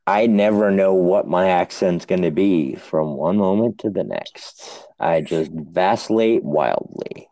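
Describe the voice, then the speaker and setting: A man from New Hampshire with a deep voice talks slowly on a podcast. He rambles, laughs a lot and swears freely. The sound is dry and close. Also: animated, warm tone, no room sound. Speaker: podcast co-host. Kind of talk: casual podcast chat.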